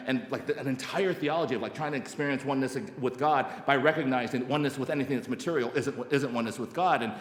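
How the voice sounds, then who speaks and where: Animated man in his sixties, echoey hall. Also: medium pitch. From Alabama, United States. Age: 60s. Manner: animated, self-mocking, many restarts and acted-out quotes. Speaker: speaker at a recovery meeting. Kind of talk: personal testimony talk. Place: large meeting hall.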